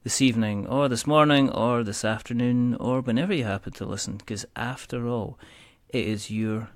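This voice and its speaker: A man's voice: medium pitch, fairly even intonation, moderate pace. A man hosting a board game podcast, joking and rambling in casual chat. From Scotland. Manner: jokey, rambling, puts on silly voices. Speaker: podcast host.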